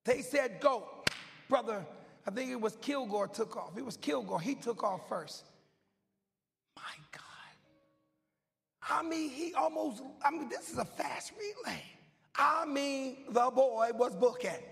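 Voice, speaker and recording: A man preaches with a very high, gravelly voice, loud and goofy as he tells a story. He drops to hushed whispers, then climbs to shouting. His voice rings out in a hall with a long echo, and faint music plays behind him. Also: animated, a little slow. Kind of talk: sermon.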